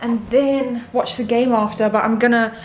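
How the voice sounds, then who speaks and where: A woman's voice: a little high, steady tone, normal speed, darkish tone, a little hiss or hum. A young woman, talking casually to camera in a rambling, chatty vlog. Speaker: vlogger.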